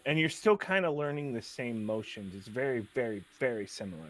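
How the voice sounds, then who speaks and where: A man's voice: mid-range voice, expressive, brisk, a bit bright. A young man as a podcast guest, chatting in a laid-back, loose way with casual swearing. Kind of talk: casual chat.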